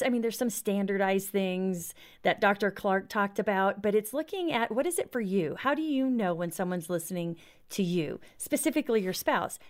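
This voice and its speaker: A woman with a medium-pitched voice speaks as a counselor on an interview show. She explains her ideas by telling everyday stories from her own life. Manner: warm storytelling with personal examples. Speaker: marriage counselor, guest. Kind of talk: interview conversation.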